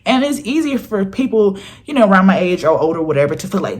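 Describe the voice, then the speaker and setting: A woman's voice: on the low side, animated, brisk, darkish tone. A woman, giving an earnest, emphatic motivational talk to camera in a casual vlog style and often acting out what imagined people would say. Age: 20s. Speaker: vlogger.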